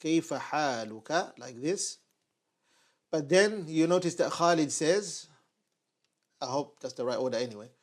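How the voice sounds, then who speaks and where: A man with a fairly high-pitched voice teaches a lesson at a whiteboard, explaining each phrase as he writes it. He repeats words slowly and patiently, drilling them for the learner. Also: expressive. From United Kingdom. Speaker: Arabic teacher.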